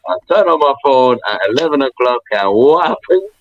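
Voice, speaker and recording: A man's voice: mid-range voice, moderate pace, no room sound. Slangy guy, muffled call audio. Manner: slangy, animated storytelling. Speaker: co-host. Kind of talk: casual football podcast chat.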